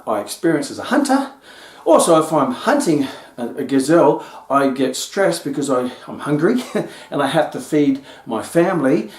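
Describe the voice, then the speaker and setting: A man hosting a solo health talk, playful and acting out scenes as he explains. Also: fairly high pitch. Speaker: health podcast host. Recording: roomy echo.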